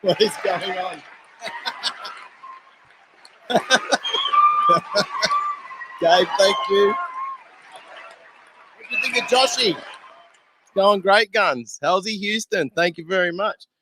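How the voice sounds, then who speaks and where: A man's voice: sits high, measured pace, long pauses, heavy background noise. A man hosting a casual live show, laughing often and hesitating with many fillers. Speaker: talk show host. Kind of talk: casual chat.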